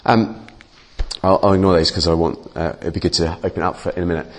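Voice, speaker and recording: A man's voice: low-pitched, quick pace. A man giving a conversational sermon as a preacher, informal and often restarting his words. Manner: informal, restarts and repeats words, lively asides.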